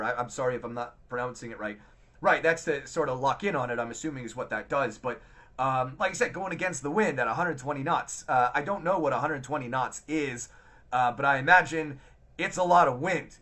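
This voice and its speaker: Bright-voiced man rambling on a livestream. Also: mid-range voice. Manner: rambling, hesitant, many restarts and fillers; reads and answers viewer comments. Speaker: livestream host. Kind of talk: casual live chat.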